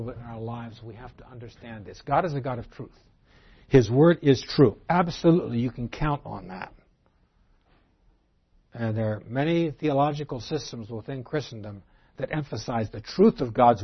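A man giving an expository Bible lecture, reading verses aloud and explaining them, moving between emphatic lines and very quiet ones. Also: medium pitch, slightly rough. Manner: swings from emphatic to very soft and quiet. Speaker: Bible teacher. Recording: dull lo-fi recording.

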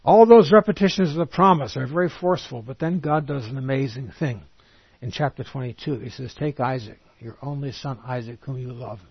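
A man teaches from scripture in a sermon, reading verses slowly and with emphasis before explaining them plainly. His voice sits a bit high and sounds husky. The recording is dry and a little dull. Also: no room sound. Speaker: preacher.

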